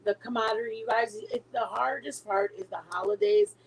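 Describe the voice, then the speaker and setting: A middle-aged woman chats casually to her viewers, looping through a story with restarts and trailing asides. Her voice sits a little high. A faint hiss runs under the recording. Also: fairly quick, gravelly, low-quality recording. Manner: rambling, storytelling with many restarts. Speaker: livestream host.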